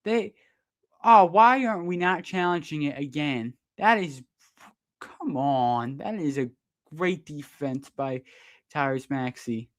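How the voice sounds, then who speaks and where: A man doing live fan play-by-play of a basketball game, partisan and quick to protest the referees' calls. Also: a little high. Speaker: sports streamer doing play-by-play.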